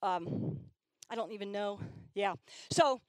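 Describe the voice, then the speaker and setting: A woman's voice: mid-range voice, takes it slowly, no echo, rough recording. A middle-aged woman telling stories in a sermon at church, often acting out the voices of young girls. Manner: animated storyteller, acts out girls' voices. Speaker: church speaker. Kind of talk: sermon storytelling.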